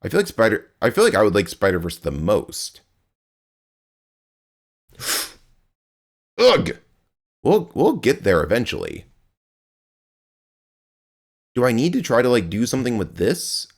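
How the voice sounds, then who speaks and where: A man's voice: on the low side, huge pitch swings, normal speed, pauses often. A young man streaming a game live, chatting with his viewers in a rambling, playful way and grunting as he plays.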